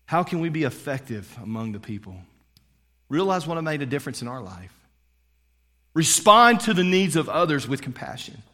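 A middle-aged male pastor delivering a sermon, swinging between loud preaching and hushed storytelling. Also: a little high, sing-song, normal speed. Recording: long hall reverb.

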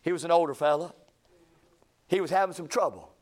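A man's voice: a little high, brisk, darkish tone. A male pastor, telling a folksy story in a sermon to his church, with emphatic rises in his voice. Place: church sanctuary.

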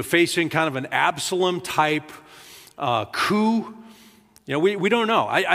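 In a church sanctuary, a male pastor delivers a sermon in a relaxed, conversational style, his fairly high voice carrying a big-room sound. He repeats words often and acts out quoted lines with a rising voice.

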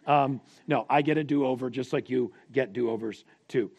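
Pastor leading a family sermon. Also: male voice, mid-range voice, normal speed, few pauses, a little mellow. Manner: leads the congregation in call-and-response repetition.

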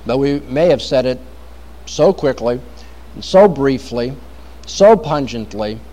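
A man's voice: mid-range voice, animated, a little slow, dark tone. A man preaching a sermon, reading scripture aloud with dramatic emphasis. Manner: dramatic, varied emphasis, quotes scripture at length.

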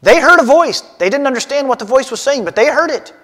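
A man's voice: very high-pitched, lively intonation, fast talker, fairly bright tone, long reverb tail, voice pushed up, exaggerated voice. A man voicing an insistent, pleading apostle. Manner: emphatic, pleading with listeners. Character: the apostle Paul, adult man, insistent and earnest.

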